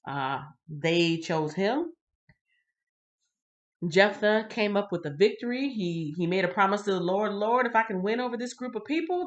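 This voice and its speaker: A woman with a fairly low voice hosts a casual livestream Bible reading. She keeps it chatty and lively, reads a passage, then breaks off to greet viewers by name. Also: muffled recording.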